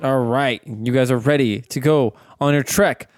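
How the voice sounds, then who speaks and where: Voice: medium pitch, fairly even intonation, moderate pace. Casual DM, offhand and teasing, music bed behind. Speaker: dungeon master. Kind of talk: narrating a tabletop game.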